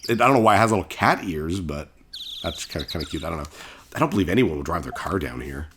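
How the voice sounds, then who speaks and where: A man's voice: low-pitched, animated, fast, background noise. A man in his thirties playing a game on his channel, chatting casually, reading out dialogue, and rambling with lots of self-corrections. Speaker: gaming channel host.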